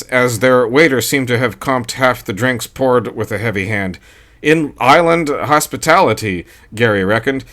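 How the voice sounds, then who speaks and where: Man, audiobook narrator, dry, steady, mid pitch. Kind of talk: scripted narration.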